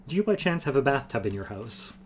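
A man voicing a stern, ageless sorceress woman who speaks gravely and tartly in a fantasy audiobook reading. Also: medium pitch, big pitch swings, quick pace, a little hiss or hum, voice pushed up, lightly acted. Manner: grave, tart.

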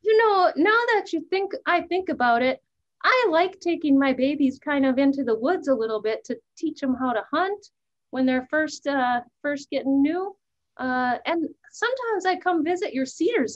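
A woman's voice: animated, normal speed, highs cut off. A woman voicing a cheerful female songbird in an educational role-play, with a folksy, bubbly manner. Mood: thoughtful. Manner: folksy, bubbly, high put-on voice.

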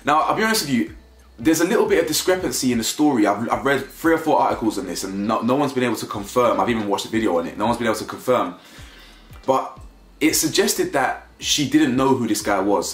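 Male commentator, animated and rambling, roomy room with music under. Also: lowish voice. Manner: animated, rambling, repeats himself. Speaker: commentary YouTuber. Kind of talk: casual opinion commentary.

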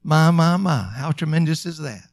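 A male pastor with a high, light voice delivers a sermon. He stretches key phrases out slowly and lifts them into emphatic calls, then drops back to a quieter, confiding tone. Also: animated, vocal fry. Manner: emphatic preaching, drawn-out slow phrases and rising calls.

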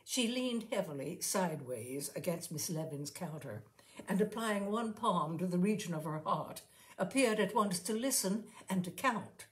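A woman reading a short story aloud as host of her own show, unhurried and expressive. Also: on the low side. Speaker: story reader and podcast host. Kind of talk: scripted narration of a short story.

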